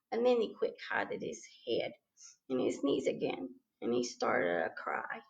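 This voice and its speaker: Expressive woman reading a storybook. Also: medium pitch, measured pace, gravelly. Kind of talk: reading a children's storybook aloud. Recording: slightly dull lo-fi recording.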